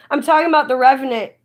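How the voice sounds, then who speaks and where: A woman chatting casually on a live stream, rambling and getting indignant at times. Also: mid-range voice. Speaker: livestreamer.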